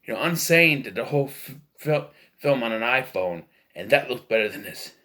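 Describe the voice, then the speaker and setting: Male film reviewer, casual and opinionated, with a tense edge and pitch that jumps all over. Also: animated, moderate pace, pushed and bright. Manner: rambling, opinionated, with frequent fillers and restarts. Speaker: movie reviewer.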